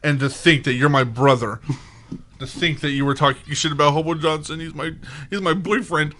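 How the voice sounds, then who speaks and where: A young man hosting a casual podcast, joking and swearing through animated rants. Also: on the high side, moderate pace, slight background noise. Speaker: podcast host. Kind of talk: casual chat.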